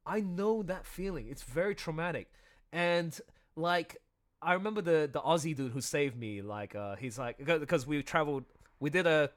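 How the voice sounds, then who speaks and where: A man directing an audio drama, chatting excitedly on a livestream about his show and acting out lines in playful voices. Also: on the high side. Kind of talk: casual livestream commentary.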